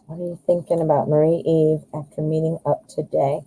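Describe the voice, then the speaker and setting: This American tarot reader, an adult married woman, runs a live stream full of fillers, tangents, and self-deprecating jokes as she thinks out loud. Her deep, mellow voice comes across flat and a little fast. The audio is poor, with a slight hiss or hum.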